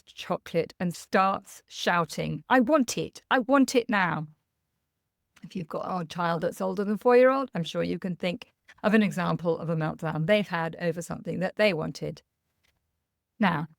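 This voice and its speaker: A woman's voice: fairly low pitch, vocal fry, no echo, clean studio sound. Earnest woman, parenting coach. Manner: earnest, candid and reassuring, laughing at herself. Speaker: parenting coach, podcast host. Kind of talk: podcast monologue with personal anecdotes.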